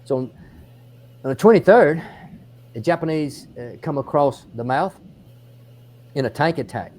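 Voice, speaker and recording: Outdoors on a battlefield, an Australian military historian explains what happened there, telling the story in animated detail with frequent restarts. His voice is a little high and his pace a little slow.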